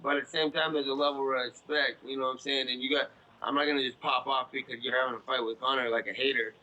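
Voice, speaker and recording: Blunt, profane man, bright tense voice. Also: mid-range voice, steady tone, fast talker, dull audio. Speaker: interview guest. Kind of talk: casual interview talk.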